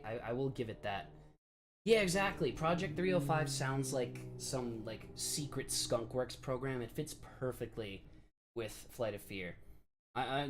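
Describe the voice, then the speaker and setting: A man's voice: medium pitch, a little hiss or hum. A man in his late twenties from the New York area, chatting casually on a live stream, laughing often and filling his talk with "like" and "um.". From New York area, USA. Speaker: live streamer answering chat.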